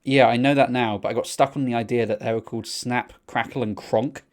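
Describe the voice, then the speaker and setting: Sweary young man telling a rambling story. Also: a little fast. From England. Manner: rambling, sweary storytelling with excited pitch jumps. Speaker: podcast co-host. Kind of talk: casual chat.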